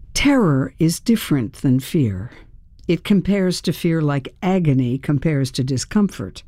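Slow, mellow audiobook narrator. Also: medium pitch, no room sound, studio quality. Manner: unhurried storytelling with acted dialogue. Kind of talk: first-person audiobook narration.

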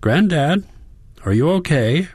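A man's voice: on the low side, very animated, moderate pace, darkish tone, no room sound, pitched above the performer's own voice. A man reading the part of an anxious, caring young granddaughter, speaking earnestly. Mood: alarmed. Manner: earnest, worried pleading.

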